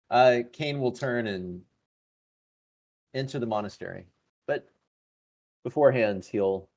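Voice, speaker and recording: A man playing a tabletop game, calmly describing his character's actions in an unhurried way. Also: low voice. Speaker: player.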